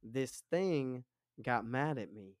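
A young man spins a wild tale as a podcast guest, swearing freely and acting out the voices. His voice is smooth and clear. The sound is close and dry, with no room echo. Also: medium pitch, slow pace. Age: 20s. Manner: profane, animated storyteller. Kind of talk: casual storytelling.

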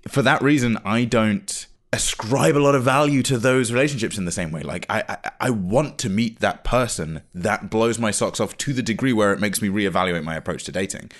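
Low-voiced man joking on a podcast. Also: fairly quick, few pauses. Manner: animated, jokey, thinks aloud with restarts. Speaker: podcast co-host. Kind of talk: casual chat.

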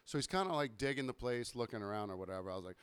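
A man's voice: mid-range voice, expressive, racing, fairly bright tone, clean tone. A young man co-hosting a casual podcast chat, telling anecdotes, laughing often and acting out the people he quotes. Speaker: podcast co-host.

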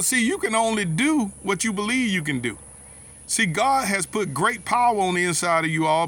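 A man's voice: sits high, sharp tone. A man preaching an informal sermon to brothers and sisters, telling personal stories in a folksy way with dialect grammar and repeated words. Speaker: lay preacher.

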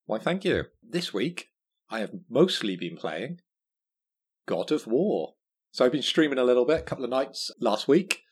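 Husky-voiced man, teasing and hesitant. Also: medium pitch, very animated, moderate pace. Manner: hesitant, teasing, many fillers. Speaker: podcast co-host. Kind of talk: casual chat.

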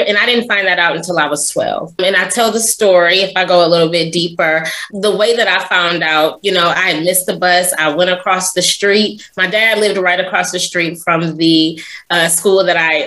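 A woman's voice: on the low side, a bit bright, rough recording. A woman, an interview guest, telling a personal story in an earnest, confessional way, often adding "right?" and "you know".

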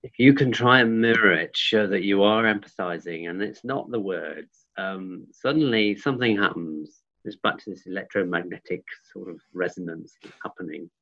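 A man explaining ideas in a thoughtful, reflective conversational way, often pausing with ums and restarting his sentences. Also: low voice, fairly bright tone. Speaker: guest, forest school trainer. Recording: dull lo-fi audio.

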